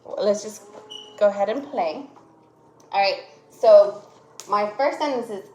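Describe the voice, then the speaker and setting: Slow-talking woman teacher in an echoey room. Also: mid-range voice, warm tone. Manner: slow, exaggerated voice changes to demonstrate punctuation. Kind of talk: classroom lesson for young children.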